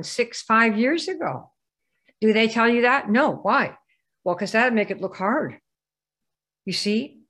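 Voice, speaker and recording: A woman running a business training session, speaking in a voice of ordinary pitch for a woman. She peppers the room with questions and demands yes-or-no answers. Her tone stays direct and persuasive. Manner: rhetorical, quizzes the audience. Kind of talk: live training presentation.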